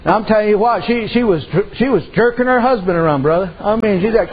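A man's voice: sits high, fast, breathy edge. A man preaching a sermon in a folksy storytelling way, peppering his talk with amens. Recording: dull lo-fi sound with faint noise.

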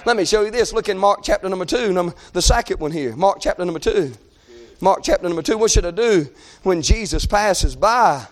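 A man preaching a sermon, swinging between shouted appeals and hushed passages. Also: high voice, animated, a little fast.

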